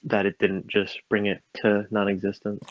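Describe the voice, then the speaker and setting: A man's voice: fairly low pitch, completely flat delivery, normal speed, dry recording. A man judging a debate over a call, stumbling and stuttering as he searches for words. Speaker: debate judge. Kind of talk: casual online debate. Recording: dull lo-fi mic.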